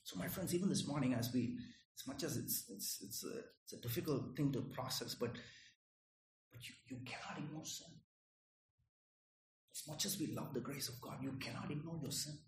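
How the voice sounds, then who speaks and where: A man's voice: a little high, wildly swooping pitch, normal speed. A man preaching a sermon in a conversational way, often checking in with "Right?" and "Okay?". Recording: echoey room.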